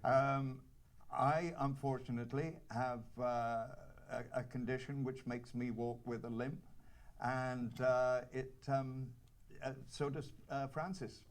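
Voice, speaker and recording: A man from North Wales with a North Welsh accent, an actor telling anecdotes at a cinema Q&A in a halting, wry way full of restarts. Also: mid-range voice, little pitch movement. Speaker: actor at a screening Q&A. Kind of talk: casual anecdotal panel talk. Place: cinema auditorium with audience.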